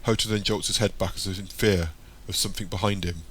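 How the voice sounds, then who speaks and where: A man reading an audiobook in a steady, descriptive way. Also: low voice, fast, husky. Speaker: audiobook narrator. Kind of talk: audiobook narration.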